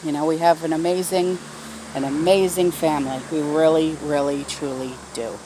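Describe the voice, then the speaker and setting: A woman's voice: deep voice, fairly even intonation, normal speed, background noise. Middle-aged woman chatting in her garden. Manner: rambling and heartfelt, many fillers and restarts. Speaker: garden vlogger. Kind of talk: casual vlog talk. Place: backyard garden, outdoors.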